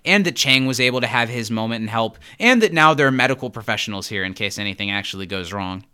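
A man's voice: mid-range voice, lively intonation, fast talker, sharp tone, clear, resonant tone. A man co-hosting a podcast, chatting casually and jokingly as he recaps a TV episode. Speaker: podcast co-host.

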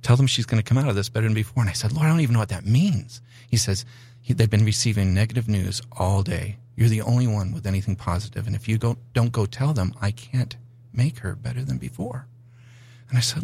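A middle-aged man telling a personal testimony on a talk show, animated and acting out the voices in his story. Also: fairly low pitch, fast, creaky, husky. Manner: animated storyteller, acts out dialogue. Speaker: guest. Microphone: studio mic.

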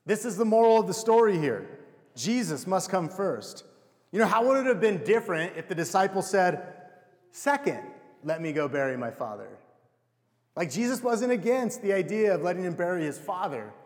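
A man's voice: high-pitched, big pitch swings, moderate pace. A young man preaching a sermon in a conversational, self-deprecating way, asking the audience rhetorical questions. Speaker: pastor. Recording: long hall reverb.

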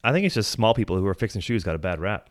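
A man's voice: on the low side, expressive, racing. A man hosting a casual podcast chat, joking loosely, swearing and laughing often into a close mic. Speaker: podcast host.

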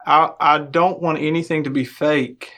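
A man's voice: on the high side, fairly even intonation, normal speed, pushed and bright. Easygoing young man with a Kentucky accent. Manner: easygoing storyteller, laughs often. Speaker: guest, hiker and video maker. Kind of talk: casual podcast interview.

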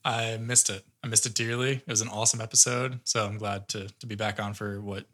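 A man's voice: on the low side, flat delivery, a little fast, fairly bright tone. A man co-hosting a casual podcast, enthusiastic and rambling with lots of filler words. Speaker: podcast co-host.

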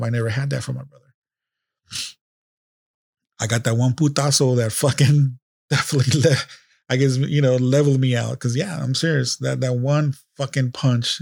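Man, podcast host, gravelly voice, flat delivery, profane and rambling, dry close mic. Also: medium pitch, dry recording. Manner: emotional, profane, rambling with restarts. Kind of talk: casual unscripted podcast monologue.

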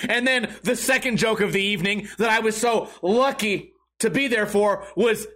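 High, bright-voiced man telling a sarcastic story. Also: normal speed. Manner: sarcastic, exaggerated, profane. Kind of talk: comedic storytelling rant.

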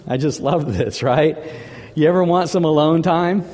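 A male pastor delivers a chatty sermon, repeating words as he goes. His voice is a little high and swoops up and down with lots of animation. The sound carries a long echo from a big hall. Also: expressive, moderate pace, a little mellow.

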